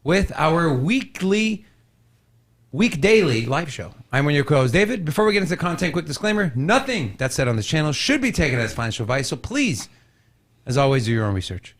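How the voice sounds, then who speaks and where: A man's voice: a little high, big pitch swings, fast talker, a bit bright. A man co-hosting a live show from a studio, upbeat and teasing in casual chat. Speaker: co-host of a live crypto show.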